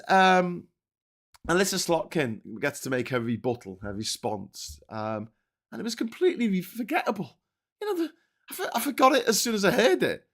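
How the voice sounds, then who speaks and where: A man's voice: high voice, fairly bright tone. A man with a Liverpool accent hosting a live political stream, ranting angrily with heavy swearing and rhetorical questions. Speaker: political commentary host.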